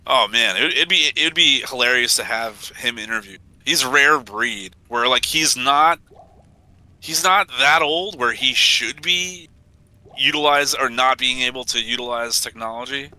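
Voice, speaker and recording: A man's voice: medium pitch, measured pace, sharp tone, low-quality recording. A man in his forties streaming a game, telling rambling stories and laughing often. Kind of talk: casual gaming chat.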